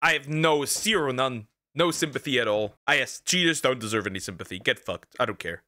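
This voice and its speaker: Blunt man with a bright voice. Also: mid-range voice, lively intonation, a little fast. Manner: blunt, profane. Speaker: streamer reacting to a video. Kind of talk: casual reaction commentary.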